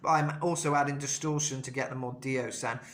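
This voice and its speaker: Bright-voiced male vocal coach. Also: mid-range voice, fairly even intonation, brisk. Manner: thoughtful, many fillers and restarts. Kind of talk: singing lesson with demonstrations.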